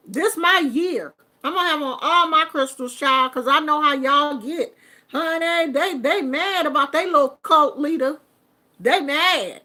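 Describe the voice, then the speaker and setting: A middle-aged woman, giving a casual, animated commentary vlog and laughing often. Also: high-pitched, unhurried. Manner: animated, chatty, laughs often, sings snippets. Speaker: vlogger commenting on online drama.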